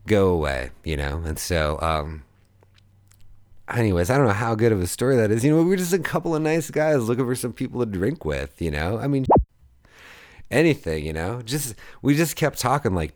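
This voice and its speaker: A man in his thirties with a somewhat low voice tells a loose, rambling story as a show host. He swears casually and often breaks into laughter at his own punchlines. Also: animated, normal speed, a little mellow. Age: 30s. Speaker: podcast host.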